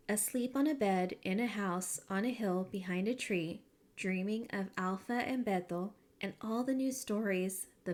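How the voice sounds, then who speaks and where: A woman teacher reading a picture book aloud to a class, with expressive storytelling and pointers to the illustrations. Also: mid-range voice.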